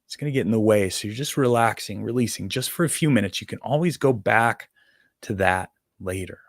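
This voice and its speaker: A man leading a guided meditation, talking slowly and calmly with soothing instructions and pauses. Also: lowish voice, no echo, clean studio sound.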